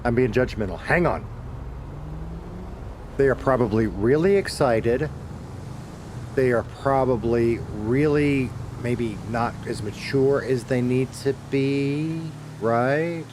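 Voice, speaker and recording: A middle-aged man chatting with his viewers while he plays, in a loose, meandering way, often swearing and going back to fix what he just said. His voice sits at an ordinary pitch, with a faint hiss of noise behind it. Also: takes it slowly, darkish tone. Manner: rambling, self-correcting, swears casually. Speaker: streamer. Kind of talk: casual chat while gaming.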